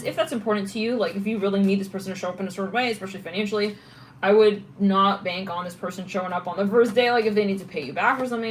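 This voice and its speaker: A woman's voice: mid-range voice, slight background noise, low-quality recording. Chatty woman giving a tarot reading. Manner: chatty, thinks aloud with restarts while reading cards. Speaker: tarot reader.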